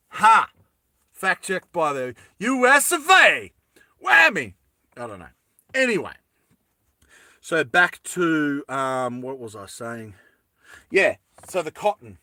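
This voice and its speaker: A man's voice: on the high side, sharp tone, dry recording, clean studio sound. A man chatting casually through a lighter repair, rambling into jokey tangents and correcting himself as he goes. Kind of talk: casual how-to chat.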